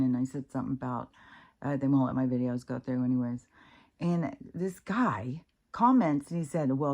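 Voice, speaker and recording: Woman with a low voice just rambling to camera, swears a lot, frustrated and blunt. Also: warm tone. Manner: rambling, with many fillers and restarts. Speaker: vlogger. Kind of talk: casual rambling monologue.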